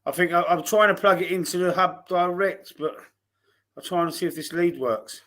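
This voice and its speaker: A man's voice: high-pitched, normal speed, a bit bright. A man with a Cockney accent hosting a casual football podcast over a video call, chatty and full of fillers. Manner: chatty, hesitant, drops in fillers. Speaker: podcast host.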